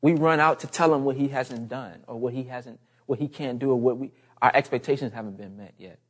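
A man's voice: medium pitch, a little fast, breathy edge. A man preaching a sermon in an earnest, emphatic way, repeating his key phrases.

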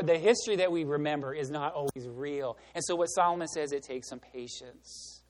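A man preaching in a church sanctuary, his fairly high voice carried by a long, lingering reverb. He talks conversationally and swings from loud, emphatic lines to quiet asides. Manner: conversational storytelling preaching with wide swings in loudness. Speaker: pastor. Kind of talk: sermon.

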